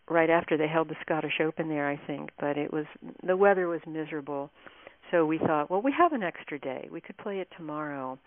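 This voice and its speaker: A woman guest on a radio interview, telling stories about her book in a chatty, meandering way. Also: low-pitched. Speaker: author and guest. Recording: tinny phone line.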